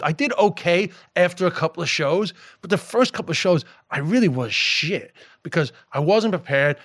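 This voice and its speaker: A middle-aged man whose accent mixes New York and Irish tells stories on a podcast. His voice sits somewhat high, and it is recorded dry and close. He is animated and profane, often laughing mid-sentence. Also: no room sound. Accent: mixed New York and Irish. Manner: animated storyteller, swears freely, laughs while talking. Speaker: comedian guest. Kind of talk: casual podcast chat.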